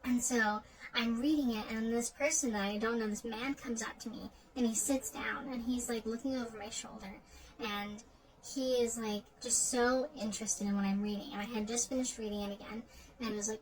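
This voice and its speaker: A woman's voice: a little high, fairly even intonation, normal speed, rough recording. A woman casually retelling a dream in a rambling way, full of "like" fillers and restarts. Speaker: storyteller.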